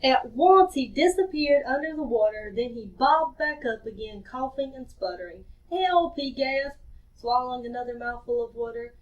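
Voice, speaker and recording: A woman reading a story aloud to children in a cheerful, expressive way. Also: on the high side, normal speed. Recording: distant dull lo-fi recording.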